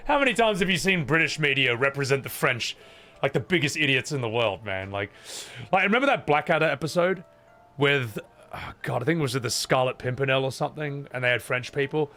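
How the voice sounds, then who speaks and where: A man's voice: medium pitch, animated, a little fast, bright, forceful tone. A man casually commenting while playing a video game, chatty and swearing freely, laughing often. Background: game music.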